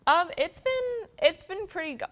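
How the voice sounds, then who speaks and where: A young woman in her late teens, a high school drumline co-captain, answers interview questions eagerly and quickly, with many ums. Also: lively intonation, a bit bright.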